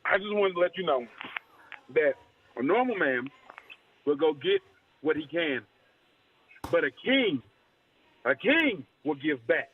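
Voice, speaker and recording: A man's voice: on the high side, big pitch swings, measured pace, long pauses, a little hiss or hum. A man calling into a sports radio show, speaking in a theatrical, speech-like way. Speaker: caller. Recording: tinny phone line.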